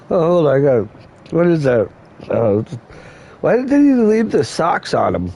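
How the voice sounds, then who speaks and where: A man's voice: on the high side, big pitch swings, normal speed, long pauses, warm tone, a little hiss or hum. A man hosting a gaming channel, chatting casually while he plays, rambling and laughing at his own jokes. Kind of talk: casual chat while playing a game.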